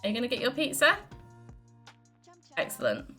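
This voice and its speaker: A woman's voice: on the high side, wildly swooping pitch, moderate pace, pushed and bright. A young woman giving casual, giggly gameplay commentary as a let's play host. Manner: chatty, giggly, lots of fillers. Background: faint game music.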